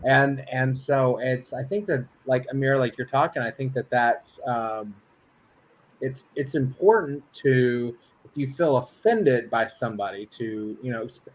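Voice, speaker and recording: A man's voice: mid-range voice, unhurried, a little hiss or hum. A man co-hosting a casual chat, telling a long story and acting out the quotes along the way. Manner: rambling, storytelling with acted quotes. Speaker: co-host.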